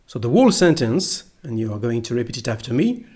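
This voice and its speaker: A man's voice: mid-range voice, very animated, fast, warm tone, breathy edge. A man with a French accent, a native French speaker from France, teaching pronunciation patiently and repeating phrases for learners. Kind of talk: slow pronunciation lesson.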